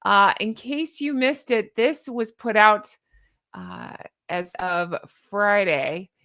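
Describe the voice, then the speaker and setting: A woman in her forties talks straight to her viewers in a chatty, sarcastic way. She keeps doubling back and tossing in asides. Her voice sits in a middle pitch for a woman. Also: takes it slowly, fairly bright tone. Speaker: royal commentary channel host. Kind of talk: casual chat commentary.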